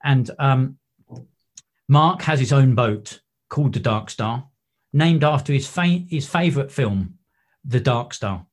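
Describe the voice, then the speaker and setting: A man's voice: mid-range voice, slow. A man, a wreck diver and photographer, telling stories in a podcast interview. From England. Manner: animated anecdotes with acted-out quotes.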